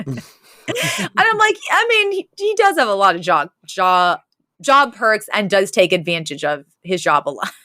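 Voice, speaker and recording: A woman's voice: medium pitch, very animated, normal speed, pushed and bright, no room sound, studio quality. Giggly woman chatting on a podcast. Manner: chatty, laughs often, many fillers and restarts. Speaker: podcast co-host. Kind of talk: casual chat recapping a sitcom episode.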